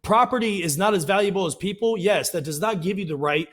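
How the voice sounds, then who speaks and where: A man's voice: high voice, a little fast. A man, co-hosting a casual talk podcast and telling stories with acted-out quotes. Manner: animated storyteller, acts out quotes in raised voices. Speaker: podcast co-host. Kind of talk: casual chat.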